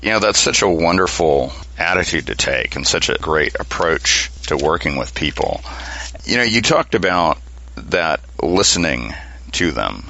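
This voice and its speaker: A man's voice: very deep voice, lively intonation, measured pace, creaky, bright, forceful tone, lo-fi sound. A man hosting an interview, responding in an affirming, reflective way. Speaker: podcast host. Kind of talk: interview chat.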